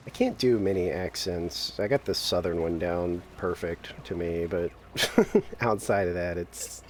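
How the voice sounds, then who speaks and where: A man's voice: low voice, measured pace, a little mellow, slight background noise. A man chatting casually while gaming with friends, laughing often and rambling through restarts. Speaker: stream co-player.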